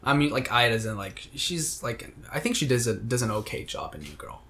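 A man's voice: mid-range voice, big pitch swings, a little fast, pushed and bright. A young man co-hosting a podcast, chatting casually, rambling and restarting words as he jokes. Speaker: podcast co-host. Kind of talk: casual chat.

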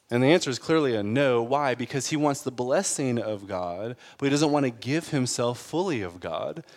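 A man's voice: medium pitch, animated, moderate pace, few pauses, a little mellow, big-room sound. A man preaching a sermon in an earnest, conversational way, building to emphatic peaks. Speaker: pastor.

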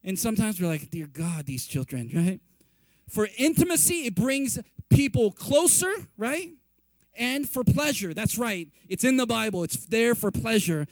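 A male pastor preaching a sermon in a conversational, animated way, acting out quoted reactions and often asking "right?". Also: extremely high pitch, a little slow, no echo. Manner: conversational, repeatedly asks "right?".

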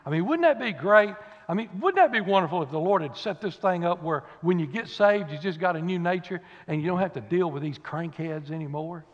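A man preaching a fiery revival sermon in a folksy way, dropping to low murmurs and rising to loud cries. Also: expressive, fairly quick, hardly any pauses. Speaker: pastor. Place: church sanctuary. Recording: dull recording in a big reverberant church.

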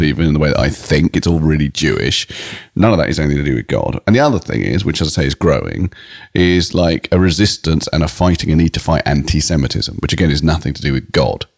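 Fast-talking British man, very deep voice. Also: vocal fry, a little mellow, dry recording, studio quality. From Britain. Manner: rambling, self-interrupting storyteller with frequent restarts. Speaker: comedian guest. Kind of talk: casual interview chat.

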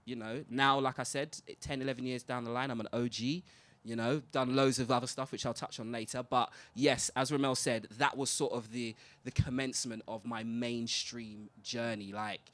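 A man's voice: mid-range voice, little pitch movement, moderate pace, fairly bright tone, dry recording. A man on a live panel, telling his career story in a casual, slangy way. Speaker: panel guest, presenter. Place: live event venue.

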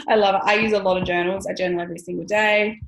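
A woman's voice: medium pitch, steady tone, brisk, vocal fry, fairly bright tone, slight background noise, rough recording. A woman in her thirties, talking casually to camera as a money mindset coach, chatty, laughing often and swearing now and then.

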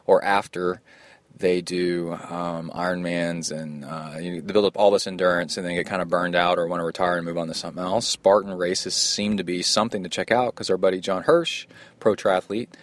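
Rambling excitable male podcast host. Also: low-pitched, moderate pace. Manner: rambling, excitable, laughs often. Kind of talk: casual podcast chat. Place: home room.

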